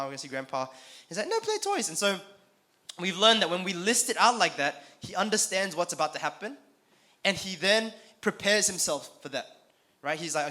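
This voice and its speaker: Bright, chatty young male preacher. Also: a little high. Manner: conversational, asks the audience questions, repeats phrases. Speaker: youth conference speaker. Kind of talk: casual youth sermon. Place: conference hall.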